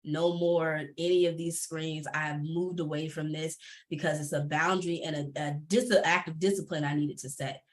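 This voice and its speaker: A woman speaking candidly on a panel over a video call, animated and emphatic, laughing often. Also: deep voice, moderate pace.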